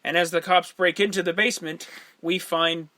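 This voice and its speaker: A man co-hosting a movie podcast in casual chat, calmly recapping the plot. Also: high voice, normal speed. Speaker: podcast co-host.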